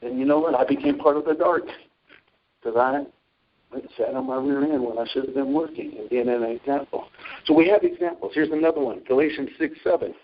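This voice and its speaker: A man's voice: mid-range voice, lo-fi sound. A man preaching informally on a Christian talk show, telling stories from his own life and reading scripture. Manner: animated storytelling with scripture readings.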